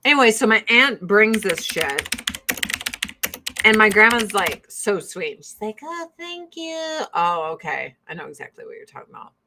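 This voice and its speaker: A woman's voice: mid-range voice, moderate pace, a little hiss or hum. A woman hosting a casual chat, telling family stories full of swearing and acting out her relatives' voices. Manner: profane, animated storytelling; acts out relatives in quoted voices. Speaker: host.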